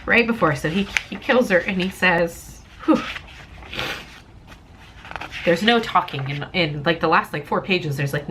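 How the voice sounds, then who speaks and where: Young female vlogger, emotional and rambling, on the verge of tears; lowish voice, faint background noise. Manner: emotional, rambling, tearful at times. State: close to tears. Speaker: comic book reviewer. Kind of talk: casual vlog review.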